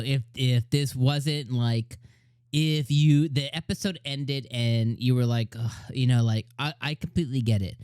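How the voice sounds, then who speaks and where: A man's voice: medium pitch, darkish tone, no echo, clean studio sound. A man hosting an anime review channel, chatting casually, rambling and laughing often as he retells scenes.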